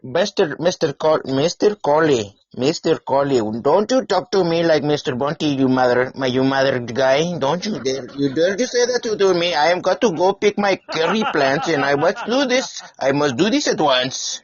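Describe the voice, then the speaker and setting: A man's voice: fairly high pitch, expressive, moderate pace, few pauses, muffled recording, pitched above the performer's own voice, lightly acted. A man doing an indignant Indian-accented scold.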